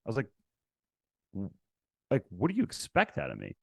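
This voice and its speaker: A man as a podcast guest, telling stories in a casual, animated way and acting out past conversations. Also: fairly low pitch, fairly quick, pauses often, no room sound, clean studio sound. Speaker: podcast guest, real estate investor. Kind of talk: casual interview storytelling.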